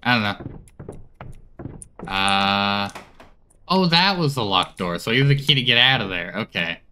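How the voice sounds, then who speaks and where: Lively bright-voiced man gaming. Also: lowish voice, unhurried, slight background noise. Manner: chatty, talks back to game characters. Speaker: gaming streamer. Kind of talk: horror game let's play commentary.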